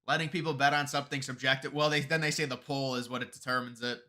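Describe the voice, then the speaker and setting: Bright-voiced man rambling on a live stream. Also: medium pitch, little pitch movement, fast. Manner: rambling, sarcastic, many restarts. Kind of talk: casual political commentary stream.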